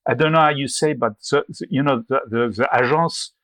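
A man's voice: mid-range voice, fairly quick, a bit bright, no echo, voice pushed up, natural voice. A man putting on a French accent to play a flustered French press man bluffing past a gate. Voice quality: put-on French accent, stumbling.

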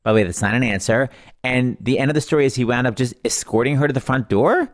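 A middle-aged man hosting a talk show, telling a family anecdote in a casual, animated way and acting out the quotes. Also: fast. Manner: animated, acts out quotes in a high voice, laughs while telling. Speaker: podcast host. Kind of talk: casual storytelling.

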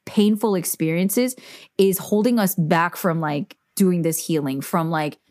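A young woman with a slightly low voice hosts a podcast in candid, confessional conversation. She talks emphatically and leans heavily on "like" as a filler. Her voice sounds close and dry, with no room around it. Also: unhurried, a little mellow, dry recording. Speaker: podcast host.

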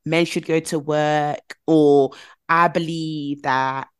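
A woman's voice: sits low, takes it slowly, smooth. A British woman chatting casually on a podcast, telling stories animatedly and acting out what others said. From Britain. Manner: animated storytelling with quoted voices. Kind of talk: casual chat.

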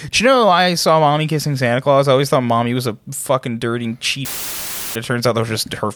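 A man's voice: medium pitch, fast, fairly bright tone. A man co-hosting a podcast, joking and swearing in casual banter and breaking into sung impressions. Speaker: podcast co-host.

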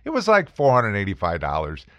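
A man's voice: fairly low pitch, huge pitch swings, brisk, dry recording. An American man, an attorney, telling courtroom stories in a casual, wry, joking way. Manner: wry, joking, acts out quoted voices. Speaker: attorney podcast host. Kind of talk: casual storytelling monologue.

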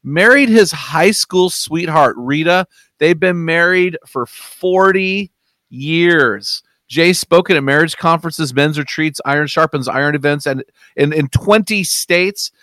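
A man hosting a faith podcast, upbeat and teasing, with some halting fillers. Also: a little high, a bit bright, no room sound. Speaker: podcast host. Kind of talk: casual podcast chat.

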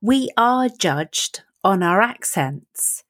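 A woman with a clear, crisp English accent hosting an interview, affirming and enthusiastic. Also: mid-range voice, lively intonation, extremely slow, fairly bright tone, dry recording, studio quality. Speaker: podcast host. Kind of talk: conversational interview.

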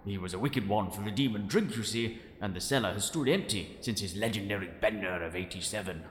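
Low-voiced man in pompous storytelling. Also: fairly quick, slight background noise. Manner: pompous, florid Victorian gentleman's tone. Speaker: storyteller and sole voice actor. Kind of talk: scripted audio drama narration.

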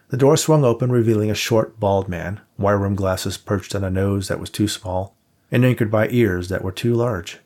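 A man reading a novel aloud as audiobook narrator in a measured storytelling manner. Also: lowish voice, darkish tone. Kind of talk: scripted narration.

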